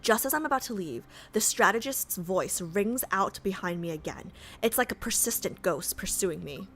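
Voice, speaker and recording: A woman's voice: mid-range voice, lively intonation, normal speed, a bit bright, slight background noise. A woman streaming herself reading a game story aloud. She reacts in brash, profane, indignant outbursts.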